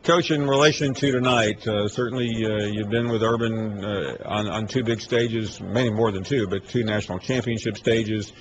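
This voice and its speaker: A man hosting a sports talk radio show, firing quick, needling questions with lots of fillers. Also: on the low side, fairly even intonation, a little hiss or hum, rough recording. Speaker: radio host.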